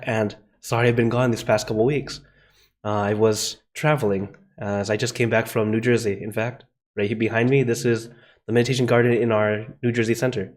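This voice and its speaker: Meditation host, male, mid-pitched; easygoing welcome with light laughs, then slow, soft breathing guidance. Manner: friendly, laughs softly between greetings. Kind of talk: live-streamed guided meditation. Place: outdoor meditation garden. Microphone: video call.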